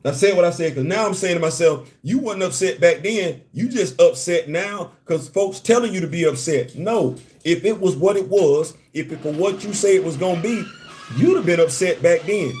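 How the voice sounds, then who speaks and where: A man's voice: high-pitched, normal speed, a little mellow. Emphatic man hosting a live stream. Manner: emphatic, preachy, repeats his points. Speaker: host of a live discussion stream. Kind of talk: opinionated live-stream commentary. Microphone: live-stream microphone.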